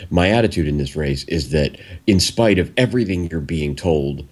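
A man's voice: low voice, expressive, normal speed, a little mellow, slightly rough. A man co-hosting a casual political talk show, blunt and profane, talking emphatically. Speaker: co-host.

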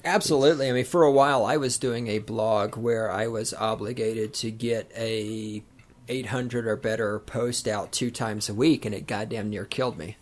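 A man's voice: on the low side, steady tone, normal speed. A man with a Southern American accent, a guest podcast host chatting casually in a brash, emphatic, joking way. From Southern United States.

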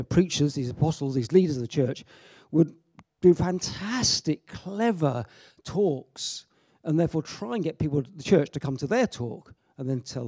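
A man's voice: fairly high pitch, mellow, husky, no room sound, clean studio sound. A man giving an informal, joking sermon with frequent asides and restarts. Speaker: preacher. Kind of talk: informal sermon to a youth audience.

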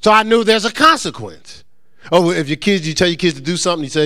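A man preaching to his church in a relaxed, conversational way, full of asides and teasing. His voice sits on the high side and swings widely in pitch as he makes his points. He often restarts words and repeats himself on the way to a point. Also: quick pace. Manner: lively, joking asides to the congregation. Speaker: pastor. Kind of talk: conversational sermon.

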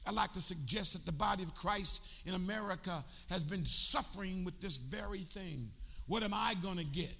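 Older preacher, gravelly and high. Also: male voice, moderate pace, sharp tone. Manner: preaching with call-and-response to the congregation. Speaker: pastor. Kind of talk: sermon. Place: church sanctuary. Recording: long church hall reverb.

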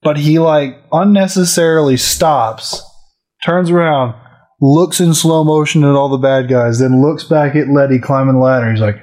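Casual male talker with a somewhat high voice who gets loud and animated acting out scenes. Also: normal speed. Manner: animated storyteller, swears freely, acts out movie scenes. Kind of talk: casual chat.

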